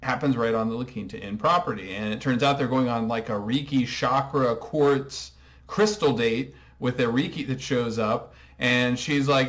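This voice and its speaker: A man's voice: mid-range voice, moderate pace, a bit bright. A man hosting a comedic TV recap monologue, talking in a dry, sarcastic way. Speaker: recap host.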